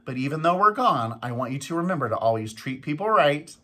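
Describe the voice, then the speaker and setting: A school principal reads the morning announcements to a room of young children. The voice is bright and forward, sitting in the middle of the pitch range, and it coaxes and insists the way a teacher does, repeating each plea so it sticks. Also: expressive, a little fast. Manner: repeats pleas and instructions for emphasis.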